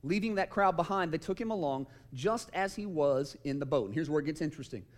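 Chatty youth pastor, "right?". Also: male voice, fairly high pitch, lively intonation, quick pace. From Georgia, US. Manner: conversational, keeps asking "right?". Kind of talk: casual sermon storytelling.

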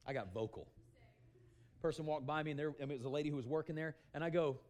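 A middle-aged man preaching a sermon, telling animated stories and calling out "amen" to the congregation. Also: a little high, fast talker. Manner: loud, animated storytelling with calls of "amen".

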